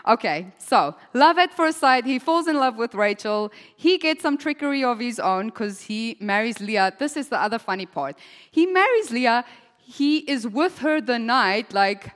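A woman's voice: on the high side, a bit bright. A woman preaching a sermon, telling a story in a chatty way, often laughing and acting out the voices. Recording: long hall reverb.

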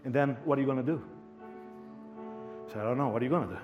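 A man's voice: mid-range voice, rapid-fire, lo-fi sound. Male pastor telling a story from the pulpit, acts out the back-and-forth, repeats himself, faint music in the back. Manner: animated storyteller, acts out dialogue, repeats words. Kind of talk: storytelling sermon.

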